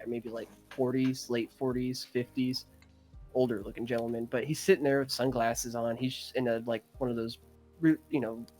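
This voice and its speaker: A young man on a podcast, casually retelling a dream in a rambling, animated way, full of fillers and throat-clearing. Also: medium pitch. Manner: animated, gets excited retelling. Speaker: podcast co-host. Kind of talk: casual storytelling.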